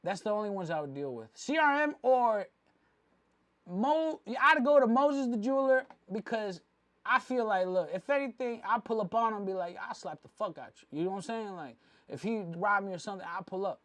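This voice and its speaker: A man's voice: high voice, lively intonation, brisk, fairly bright tone, no room sound. A man from Mexico City, a jewelry vlogger, giving a rambling, slang-heavy opinion rant with frequent asides.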